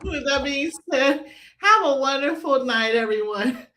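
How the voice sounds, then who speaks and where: A woman's voice: sits high, expressive, measured pace, bright, forceful tone. A woman hosting a casual interview, laughing constantly. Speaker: show host.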